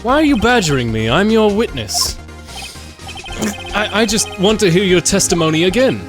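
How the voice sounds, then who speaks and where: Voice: mid-range voice, very animated, moderate pace, over music, voice pushed up, close to an everyday voice. A streamer doing a flustered young defense lawyer. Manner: flustered, stammering.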